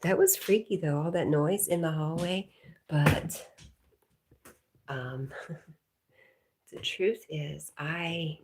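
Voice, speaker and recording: A woman hosting a casual livestream, reading viewer comments aloud, talking to her dog and often dropping to a soft whisper. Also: deep voice, steady tone, extremely slow, pauses often, slight background noise. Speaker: livestream host.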